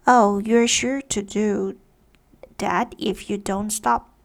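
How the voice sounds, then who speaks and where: A woman voicing a grinning, sly talking cat who speaks in riddles, slowly and matter-of-factly. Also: medium pitch, steady tone, gravelly. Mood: teasing.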